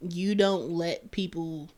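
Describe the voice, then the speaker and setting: A young adult woman co-hosting a podcast, speaking slowly and earnestly in casual chat. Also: on the low side, steady tone, darkish tone. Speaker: podcast co-host.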